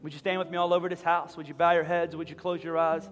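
A man's voice: a little high, flat delivery, fast. A man preaching a sermon as pastor, leading the congregation in prayer with impassioned, rising intensity. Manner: impassioned preacher, rising to loud fervent peaks. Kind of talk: sermon with altar call prayer. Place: large church auditorium. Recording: long hall reverb with soft guitar behind.

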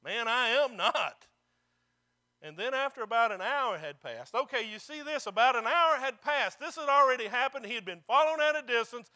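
A man preaching a sermon in a strikingly high, piercingly bright voice. His tone is smooth and resonant as he presses his points and calls out for amens from the congregation. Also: expressive, a little fast, few pauses. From not local to the congregation. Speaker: pastor.

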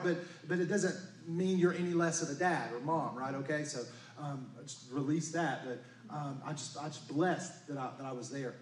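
A man preaching a sermon in an earnest manner, at times rising to fervent appeals. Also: a little high. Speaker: pastor. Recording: roomy hall with live music. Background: guitar playing.

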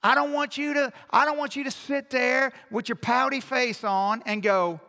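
Guy preaching in a church, goes from hushed to loud and back, bright high voice, long hall echo. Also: fairly even intonation, moderate pace, hardly any pauses. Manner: swings from hushed intimate asides to loud emphatic exhortation. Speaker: pastor. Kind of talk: sermon.

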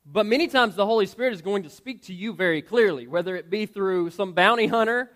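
A man hosts a church gathering and speaks in an earnest, preacherly way. His voice sits high for a man. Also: fairly quick, fairly bright tone. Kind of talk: short preaching remarks.

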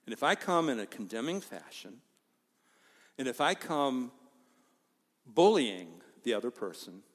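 A man preaching a sermon as pastor, emphatic, with loud stresses and hushed asides. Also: mid-range voice, sing-song, measured pace. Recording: long hall reverb.

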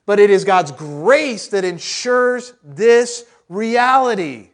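High-voiced man preaching a sermon. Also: lively intonation, slow, hardly any pauses. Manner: conversational, with rhetorical questions and joking asides. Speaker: pastor.

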